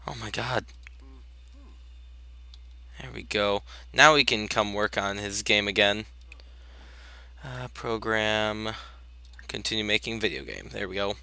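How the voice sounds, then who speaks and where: A young man with a bright, forceful voice talks his way through a life-sim game, telling his characters what to do next. His commentary is loose and chatty, and he breaks now and then into exasperated outbursts. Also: on the low side, fairly even intonation, slow, vocal fry, pauses often, clear, resonant tone. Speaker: gameplay commentator. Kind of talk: casual let's-play commentary.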